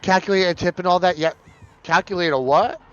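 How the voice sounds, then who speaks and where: A man streaming live, chatting casually and campily with his viewers while he plays, his pitch jumping up for excited bursts. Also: a little fast. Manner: chatty and campy, reading chat aloud, swinging pitch. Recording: dull lo-fi stream audio.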